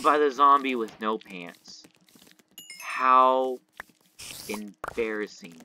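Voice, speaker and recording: A man giving casual gameplay commentary, jumpy and exclaiming at danger, his voice cracking when he yells. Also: mid-range voice, fairly even intonation, slow pace, background noise. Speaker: gameplay video host.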